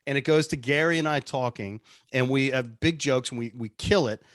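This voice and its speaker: A man's voice: mid-range voice, normal speed, no room sound, clean studio sound. A man, a radio producer, telling stories casually in an interview, chatty and self-deprecating. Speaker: radio show producer and on-air personality.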